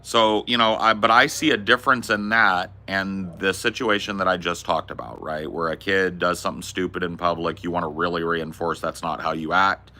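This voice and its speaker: Deep, bright-toned male streamer, rambling. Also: fairly even intonation, moderate pace, few pauses. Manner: rambling, profane, laid-back. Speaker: streamer answering chat questions. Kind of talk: casual livestream chat.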